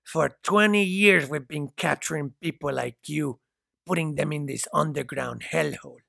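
A man reading a story aloud, voicing a calm, menacing male captor who mocks and chuckles darkly. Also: on the high side, moderate pace, no echo, studio quality, full character voice. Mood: cold. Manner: smooth, mocking, chuckles darkly.

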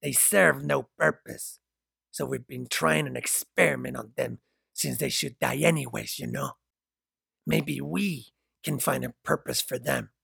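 A man reading a story aloud, voicing a calm, menacing male captor who mocks and chuckles darkly. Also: mid-range voice, unhurried, no room sound, studio quality, exaggerated voice. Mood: cold. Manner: smooth, mocking, chuckles darkly.

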